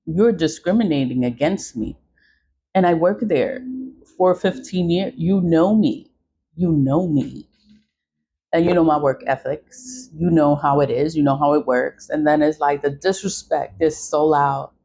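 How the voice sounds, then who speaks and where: A woman's voice: deep voice, measured pace, mellow, slight background noise. A middle-aged woman vlogger in a casual venting monologue, emphatic and repeating her points.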